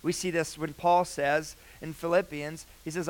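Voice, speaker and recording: Earnest young preacher, loud then hushed. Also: male voice, on the high side, flat delivery, normal speed, few pauses, poor audio. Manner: earnest, swings from loud emphasis to quiet hushed lines. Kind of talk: sermon.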